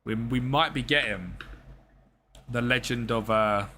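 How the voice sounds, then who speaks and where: A man's voice: mid-range voice, a little slow, bright, forceful tone, a little hiss or hum. A young man streaming a football management game, chatting casually with viewers and swearing freely. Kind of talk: live gameplay commentary.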